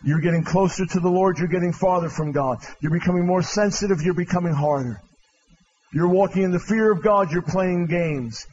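Male revival preacher with a high voice, pleading and proclaiming in turn; dull live church recording. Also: fairly quick, slight background noise. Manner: impassioned, swinging from loud proclaiming to hushed pleading. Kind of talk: revival altar-call sermon. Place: large church with balcony.

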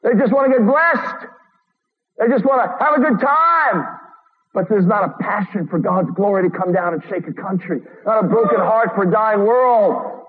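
A man's voice: high-pitched, moderate pace. A man preaching a sermon in an earnest, urgent way, reading quotes aloud and adding sarcastic asides. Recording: tinny phone-like radio broadcast from a long-reverb hall.

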